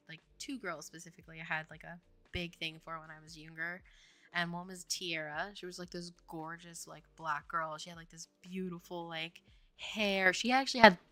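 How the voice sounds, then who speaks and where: A woman's voice: lowish voice, sharp tone. A woman in her thirties, a game developer on a stream, chatting casually, laughing often and filling her talk with "like". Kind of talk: casual chat.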